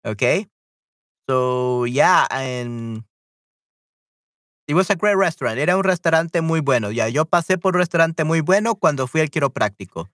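Lively woman teaching on a stream. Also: sits low, no echo, studio quality. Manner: patient, repeats phrases slowly then translates. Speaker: Spanish teacher on a livestream. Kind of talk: live-streamed language lesson.

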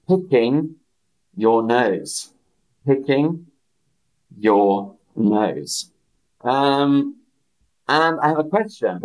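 A man teaching English on a live stream, speaking slowly and clearly, repeating phrases and greeting viewers by name. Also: mid-range voice, low-quality recording. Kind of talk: slow, clear language lesson with repetition.

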